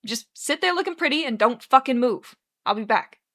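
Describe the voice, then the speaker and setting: A frazzled, wisecracking bartender man who swears constantly and talks in old-time slang, as a woman acts him out. The voice sits fairly high and pushes loud, cutting through a busy room. It comes from a dramatic fanfiction reading. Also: animated, normal speed. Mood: frantic. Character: brash, fast-talking male bartender, frazzled.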